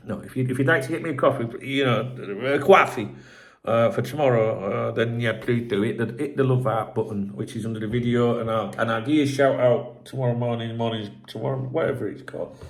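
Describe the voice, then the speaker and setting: A man's voice: mid-range voice, fairly quick. A middle-aged man hosting a football channel, ranting in a sweary, exasperated, rambling sign-off to viewers.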